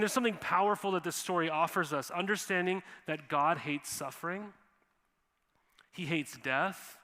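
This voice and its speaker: Here a man from Montana, a pastor, gives a sermon in his church's sanctuary. His forceful, bright voice runs slightly high for a man, and he talks in an easygoing, animated way with quoted voices mixed in, as the hall's long reverb follows each phrase.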